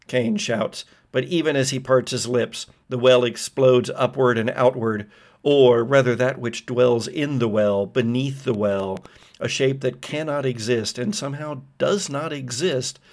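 Gravelly-voiced man narrating a tabletop game. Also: medium pitch, unhurried, darkish tone. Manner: vivid descriptive storytelling. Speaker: game master.

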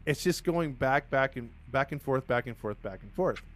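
A man's voice: mid-range voice, lively intonation, normal speed. A man casually retelling a crime case to co-hosts, acting out the quotes with lots of fillers and restarts. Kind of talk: casual storytelling chat.

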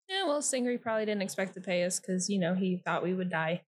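A woman playing a tabletop game, quick with wry quips. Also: mid-range voice, lively intonation. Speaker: player.

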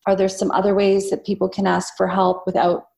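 A woman's voice: mid-range voice, monotone, fairly quick, vocal fry, a little mellow. Woman hosting a podcast, upbeat and chatty, asking her guest questions. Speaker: podcast host. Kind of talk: casual interview chat.

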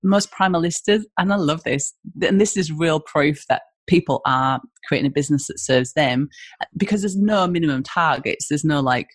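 A woman's voice: deep voice, normal speed, no echo. A woman with an Australian accent, a business founder talking as a podcast guest in a rambling, chatty way full of "you know, like". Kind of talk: casual podcast interview.

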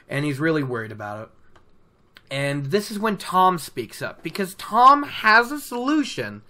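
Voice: mid-range voice, pushed and bright. A podcast host casually retelling a novel from notes, chatty and laughing between asides. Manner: chatty, laughing, self-interrupting. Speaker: book recap podcast host.

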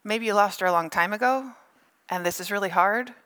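A middle-aged woman pastor giving a sermon, animated and playful, telling stories with funny asides. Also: mid-range voice, brisk, smooth.

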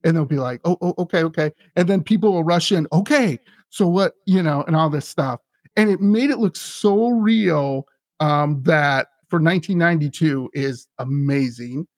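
A man hosting a casual podcast chat, animated and laughing often as he retells scenes. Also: on the high side, normal speed, no echo. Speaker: podcast host.

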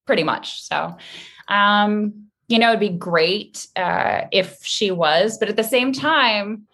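A woman being interviewed as a guest actress, chatting lively and laughing often. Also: mid-range voice, takes it slowly. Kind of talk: casual interview chat.

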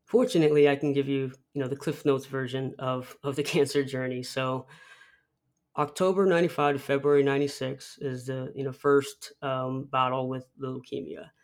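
A man's voice: mid-range voice, flat delivery, moderate pace. A young man, a podcast guest, telling a personal story in a rambling way with many restarts. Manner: rambling, many restarts, acts out film quotes.

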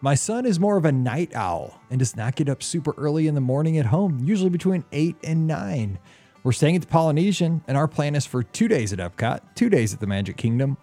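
A man's voice: medium pitch, mellow. A man hosting a podcast, chatting casually and reading listener emails aloud. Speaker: podcast host.

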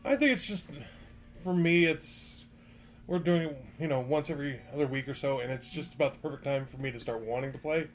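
A man's voice: a little high, fairly quick. A man chatting in an offhand, matter-of-fact way as a game player. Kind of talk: casual chat.

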